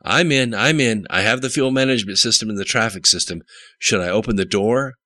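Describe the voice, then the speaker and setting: A man reading an audiobook, voicing a tense, jittery young male hacker with a squeaky, anxious edge. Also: a little fast, pushed and bright, dry recording. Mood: urgent. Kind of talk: audiobook character voice.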